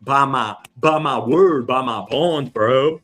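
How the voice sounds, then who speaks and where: A man runs his own news show in a loose, swaggering ramble, swearing freely as he jumps between topics. His voice sits at an ordinary middle pitch. Faint music plays behind him. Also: slow, a bit bright. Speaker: host. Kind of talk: casual news commentary.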